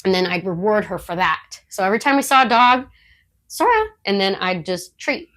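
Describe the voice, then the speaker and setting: A talkative woman on a podcast, sharing dog-training stories in an easygoing way. She laughs often and breaks into quick quoted asides. Her voice sits at an ordinary middle pitch. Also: lively intonation, fairly bright tone. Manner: chatty storyteller who laughs often; acts out her dog's thoughts in quotes. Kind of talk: casual podcast chat.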